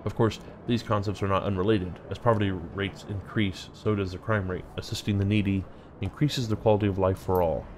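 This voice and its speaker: A man's voice: on the low side, fairly even intonation, a little fast, a little mellow, a little hiss or hum, natural voice. A man voicing a polite, earnest man who runs a shelter in a game. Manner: polite, grateful. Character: earnest male shelter keeper.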